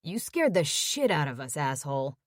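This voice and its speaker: A woman's voice: low-pitched, very animated, normal speed, no echo, studio quality, pitched below the performer's own voice. A woman voicing a blunt young man who swears at his hurt friend. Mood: gruff. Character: young adult man, brash friend, crude.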